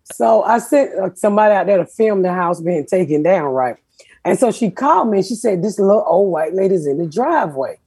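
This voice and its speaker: A middle-aged woman, hosting a podcast and telling profane, animated stories in casual chat. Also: mid-range voice, a little fast, husky, no echo. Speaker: podcast host.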